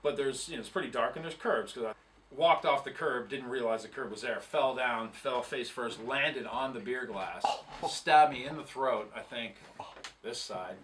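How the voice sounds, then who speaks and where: A man's voice: medium pitch, normal speed, fairly bright tone, recorded from a distance, slight background noise. A man telling a long, rambling, profane tour story in casual chat, laughing at himself as he goes. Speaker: guest musician telling tour stories.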